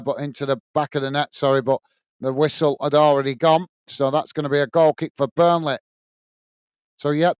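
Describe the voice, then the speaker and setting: A man's voice: fairly high pitch, clear, resonant tone, no room sound. A man with a Lancashire accent hosting a live football watch-along, giving running play-by-play and reading viewer comments aloud in a friendly, matey way. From England.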